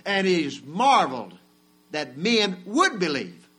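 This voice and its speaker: A man preaching a sermon. He builds to loud shouted peaks and then drops low. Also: very animated, unhurried, slightly rough. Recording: mains hum in the background.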